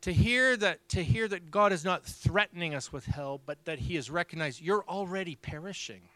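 A man preaching, telling a story with lively acted-out dialogue. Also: high voice, no room sound. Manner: animated storyteller, acts out dialogue. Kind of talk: sermon storytelling.

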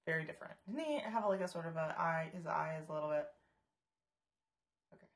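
A woman's voice: low voice, fairly quick. A woman co-hosting a podcast in casual chat, giggling often and trailing off mid-thought. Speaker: podcast co-host.

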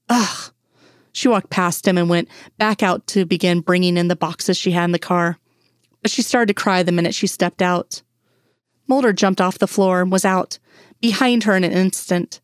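A woman narrating a fan fiction story in a steady, measured way. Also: fairly low pitch, dry recording, clean studio sound. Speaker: audiobook reader.

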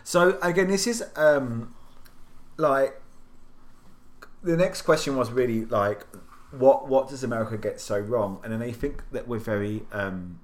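An English man co-hosting a podcast, telling rambling anecdotes in casual chat with lots of restarts. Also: mid-range voice. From England. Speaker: podcast co-host.

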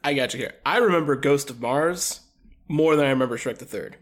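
A man's voice: mid-range voice, a little fast. A man co-hosting a podcast in casual chat, hesitant, leaning on "like" and trailing off. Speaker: podcast co-host.

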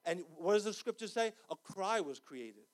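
A man preaching an impassioned sermon in a church, swinging from loud cries to quiet pleading. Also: high voice, lively intonation, moderate pace. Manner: impassioned, rising to shouts.

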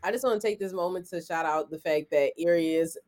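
Animated, teasing woman with a Southern US accent, casual friends' chat. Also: lowish voice, a little fast.

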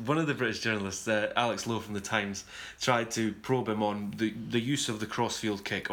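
Male sports podcast host, lowish voice, measured and thoughtful. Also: bright, forceful tone. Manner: measured, thoughtful, self-correcting. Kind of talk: casual sports discussion. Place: touring abroad covering a series.

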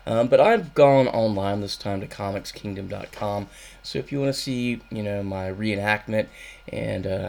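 A man's voice: lowish voice, creaky. A man hosting a music radio show, casually rambling with dry jokes and many ums. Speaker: radio host.

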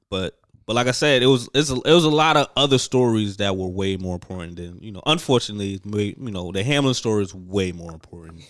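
A man with a low voice, chatting casually as a podcast co-host. He talks in a loose, profane way and laughs often. The sound is dry and close. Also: animated, a little fast, a bit bright, dry recording. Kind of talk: casual chat.

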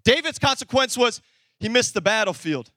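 Man, pastor, animated sermon, very high voice, dry close sound. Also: normal speed, no echo. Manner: animated preaching, swings from shouted emphasis to low asides; talks to the congregation directly, conversational.

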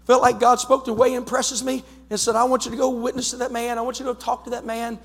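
A male pastor with an Ohio accent, preaching a fervent storytelling sermon that builds toward shouting. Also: extremely high pitch, level tone, fast. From United States. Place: church sanctuary. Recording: long church hall reverb.

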